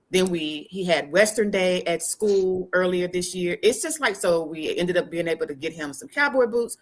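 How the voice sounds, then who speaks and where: A woman joining a group call, chatting excitedly about her story with many hesitant fillers. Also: lowish voice. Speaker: participant sharing a story. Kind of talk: casual chat.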